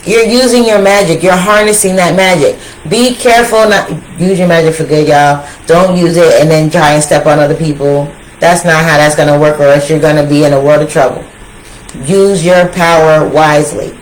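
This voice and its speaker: A woman giving a casual tarot reading, talking straight to her viewers in an animated, slangy way that repeats phrases for emphasis. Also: low voice, moderate pace, slight background noise, low-quality recording. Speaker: tarot reader.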